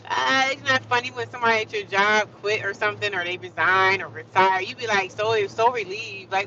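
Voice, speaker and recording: A woman's voice: medium pitch, normal speed. A woman livestreaming outdoors in the city, chatting casually and sassily with her viewers and laughing often. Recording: dull lo-fi phone audio with loud street noise.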